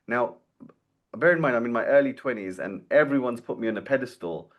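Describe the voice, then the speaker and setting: Man in his forties telling a lively story. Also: mid-range voice, a little fast, highs cut off. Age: 40s. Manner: animated storyteller who acts out quoted dialogue. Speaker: guest, dental marketing founder. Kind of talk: storytelling interview.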